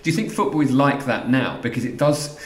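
A man co-hosting a podcast, asking quick, searching questions in casual chat. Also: mid-range voice, echoey room. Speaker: podcast co-host.

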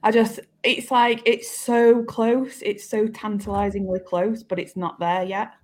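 Lively chatty woman guest. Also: mid-range voice, measured pace. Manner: lively, chatty, laughs easily. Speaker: podcast guest. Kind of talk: casual chat.

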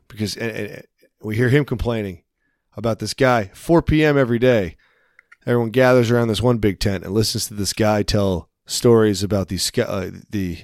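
Rambling, swearing man with a lowish voice. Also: no room sound, studio quality. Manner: rambling storyteller, swears freely. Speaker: podcast co-host. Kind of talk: casual chat.

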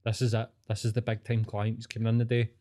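A man's voice: on the low side, completely flat delivery, fast, dark tone. A man with a Scottish accent, hosting a podcast as a casual chat and telling rambling, sweary stories. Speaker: podcast host.

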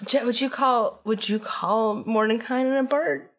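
A woman's voice: fairly high pitch, measured pace. A woman playing a tabletop game, teasing and giggling with friends. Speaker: player. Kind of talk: casual banter during a tabletop game.

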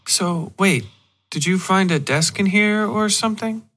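A man voicing a young woman who is teasing and weary, in a dark audio story. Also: sits high, a little slow, voice pushed up.

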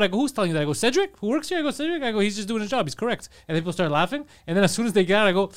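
A man, a comedian, joining in with quick profane banter and telling stories in casual podcast chat. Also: sits high, expressive. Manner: quick banter, swearing, jumps in on jokes.

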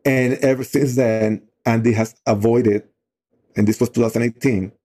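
A man's voice: mid-range voice, fairly even intonation, normal speed, warm tone. A middle-aged man leading a youth outdoor program, telling a story in a loose, conversational way with lots of "you know" fillers.

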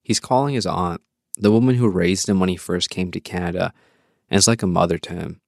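A man hosting a podcast, giving calm, measured scripted narration. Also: deep voice, gravelly, no echo, studio quality. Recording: music bed behind the voice. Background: guitar music.

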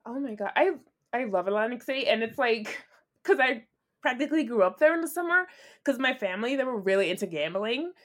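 A woman co-hosts a casual podcast and reacts expressively, laughing often. She is getting over a cold. Her voice sits fairly high and swoops up and down a lot. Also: animated, fairly quick. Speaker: podcast co-host.

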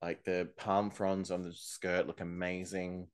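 A man's voice: low voice, flat delivery, unhurried, clean tone. A man co-hosts a casual podcast. He talks in a chatty, gossipy way and often breaks into laughter. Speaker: podcast co-host recapping a TV show. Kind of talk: casual chat.

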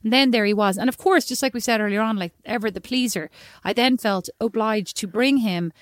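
An Irish woman telling a long, animated, self-mocking story in casual chat, often slipping into quoted voices. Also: a little high, a little fast, dry recording, clean studio sound. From Ireland.

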